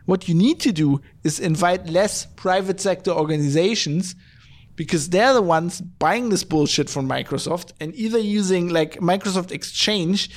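Man, podcast host, high voice, exasperated profane rant, lots of restarts. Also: moderate pace. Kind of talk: ranting podcast commentary.

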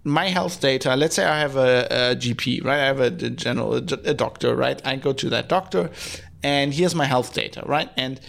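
A man hosts a podcast in a mid-range, fairly bright, creaky voice at normal speed. His commentary is a blunt, sarcastic rant, loaded with swearing, fillers, and sentences he starts over.

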